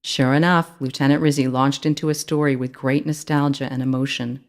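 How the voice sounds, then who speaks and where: A woman who is the author, narrating her children's audiobook in an even, expressive read. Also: very deep voice, brisk, few pauses. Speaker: author reading her book.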